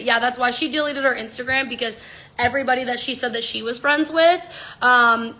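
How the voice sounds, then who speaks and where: A young woman telling a story in an animated, casual way, swearing and saying "like" a lot. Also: a little high, brisk. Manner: animated, swearing, heavy use of "like".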